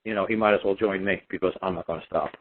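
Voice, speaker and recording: A man's voice: low voice, steady tone, very fast, very noisy. A man telling a personal story on talk radio in a defiant, emphatic, repetitive way. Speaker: radio show guest speaker. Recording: tinny phone-line radio sound.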